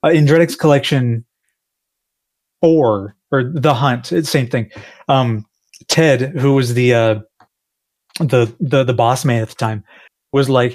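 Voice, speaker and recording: A man's voice: mid-range voice, a little slow, pauses often, a little mellow. A man, a game developer, chatting casually on a panel, rambling and self-deprecating, laughing often.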